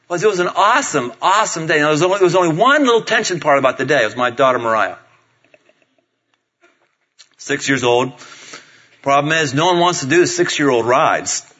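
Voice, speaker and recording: A middle-aged man preaching a sermon, telling stories in an animated way and acting out the voices of his family. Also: fairly high pitch, fairly quick, pauses often. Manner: animated storytelling, acts out voices of family members. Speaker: pastor. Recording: dull lo-fi sound.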